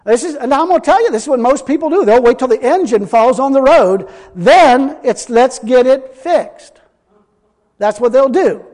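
A man's voice: very high-pitched, animated, a little fast, hardly any pauses, darkish tone, big-room sound. A man preaching a sermon in a folksy, emphatic way, repeating his points.

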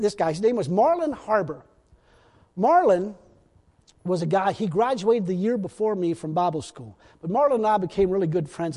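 A man's voice: fairly high pitch, warm tone. A man preaching a storytelling sermon in a folksy, rambling way, often laughing at his own stories. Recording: long reverb in a hall.

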